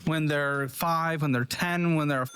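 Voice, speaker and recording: A man's voice: fairly high pitch, fairly even intonation, measured pace, fairly bright tone, a little hiss or hum. A man hosting a finance advice show, confronting guests in a pointed, lecturing way and pressing them with questions. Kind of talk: confrontational interview.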